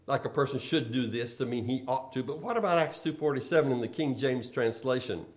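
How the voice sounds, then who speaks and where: Emphatic man preaching a sermon. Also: fairly high pitch. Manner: rhetorical questions, emphatic rises and drops in volume.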